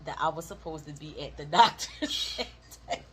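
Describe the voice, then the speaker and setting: A woman, telling a childhood story in casual chat with her husband, animated and laughing often. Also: sits low, moderate pace, slight background noise. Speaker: co-host of a couples channel.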